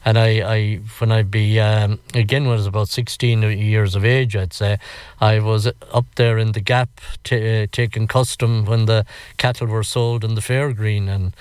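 A man's voice: lowish voice, fairly even intonation, moderate pace, darkish tone, clean tone, no room sound. An older Irish man telling stories from his past in a rambling, reflective interview. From Ireland. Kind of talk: reflective storytelling.

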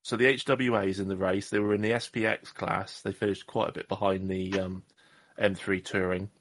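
A man's voice: low voice, level tone, normal speed, fairly bright tone. A man co-hosting a casual podcast, jokey and rambling, often stopping to correct himself. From Southwest England. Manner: jokey, rambling, self-deprecating. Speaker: podcast co-host. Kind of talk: casual chat.

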